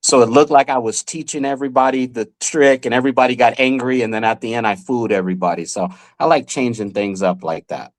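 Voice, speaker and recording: A man's voice: mid-range voice, fast, hardly any pauses. A man in his forties, a guest magician and former child actor, telling vivid anecdotes in a casual podcast chat.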